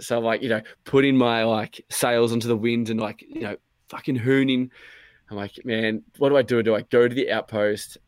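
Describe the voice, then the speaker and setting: A man's voice: mid-range voice, fairly even intonation, a little fast, no echo. A man telling a casual, rambling story, full of fillers and swearing, acting out his own lines.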